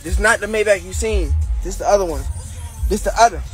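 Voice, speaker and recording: A man talking in a casual vlog outdoors, excited and repetitive, filming himself on a phone. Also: sits high, brisk, soft background music. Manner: excited, repetitive street talk. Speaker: vlogger.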